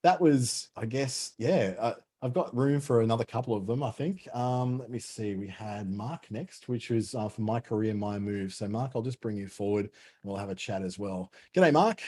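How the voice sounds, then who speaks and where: A man's voice: on the low side, moderate pace, dark tone. A man hosting a webinar, chatty and joking as he coaches guests over a video call. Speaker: webinar host. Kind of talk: casual coaching chat.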